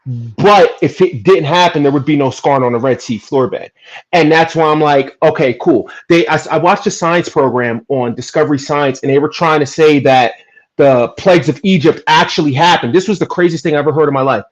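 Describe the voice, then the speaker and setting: A man from New Jersey talking earnestly and emphatically in a casual podcast chat, making his case with animated bursts. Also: on the high side, fairly quick. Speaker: podcast guest. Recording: dull lo-fi audio.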